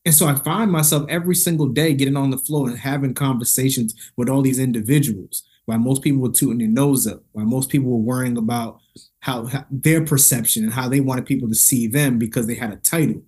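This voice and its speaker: Husky man telling his story animatedly. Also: quick pace. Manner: lively, slangy, acts out dialogue with big pitch jumps. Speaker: motivational speaker, podcast guest.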